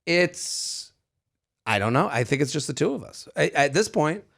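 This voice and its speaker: Gravelly, animated man in his thirties. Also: fairly high pitch, normal speed. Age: 30s. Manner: animated storyteller, swears freely. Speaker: podcast co-host. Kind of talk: casual chat.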